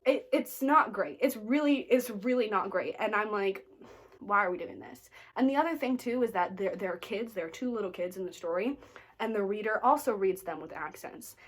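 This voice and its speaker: Brief: American woman, book vlogger, chatty and snarky, mid-pitched voice. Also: lively intonation, brisk. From United States. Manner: chatty, lots of "like" fillers, playfully snarky. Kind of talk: casual reading wrap-up chat.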